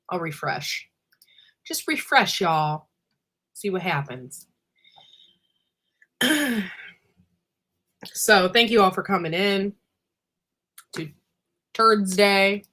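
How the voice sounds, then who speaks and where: Speaking slowly with long pauses, a woman hosts a casual livestream in a lowish, animated voice that is bright and forceful. She greets viewers by name one after another, rambling through asides with many fillers and thoughts that trail away.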